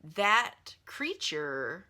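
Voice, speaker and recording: A woman's voice: sits low, big pitch swings, very slow, sharp tone. A woman casually retelling a movie's plot in a chatty, filler-heavy way, like talking to friends. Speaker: vlogger reviewing a movie.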